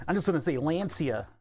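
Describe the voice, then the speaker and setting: American man, nasal tone, somewhat higher pitch, casual live-stream talk, chatty and laughing. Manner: rambling, chatty, laughs often. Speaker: livestreamer. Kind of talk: casual live-stream chat while working.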